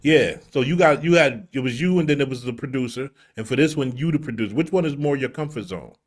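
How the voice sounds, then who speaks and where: A man's voice: mid-range voice, fast talker. Slangy male interview host. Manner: relaxed, slangy, hyping the guests. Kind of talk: casual interview.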